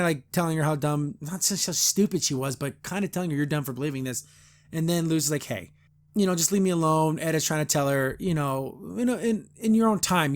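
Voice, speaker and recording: A man talking casually as a podcast host reacting to a cartoon. His voice sits a little high. He rambles with restarts, gives strong opinions and jumps into quick character voices to retell scenes.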